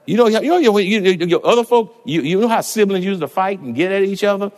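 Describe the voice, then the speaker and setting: Man, middle-aged, pastor, sermon cadence, rising to shouts, fairly high voice, long reverb. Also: brisk. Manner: preaching cadence, swells into shouts on climaxes.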